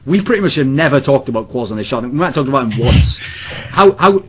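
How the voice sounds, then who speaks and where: A man's voice: mid-range voice, lively intonation, quick pace. British man, young, casual podcast host, rambling, profane, faint background noise. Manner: rambling, profane, mocking, puts on silly voices. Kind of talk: casual chat.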